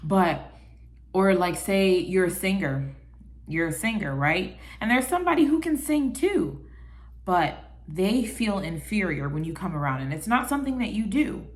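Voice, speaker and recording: A woman vlogger talking casually to her viewers about people who copy her, chatty and animated, often calling the listener baby and acting out what others say. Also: medium pitch, moderate pace. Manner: chatty, animated, quotes people in little voices. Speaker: vlogger giving life advice. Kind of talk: casual talk to camera.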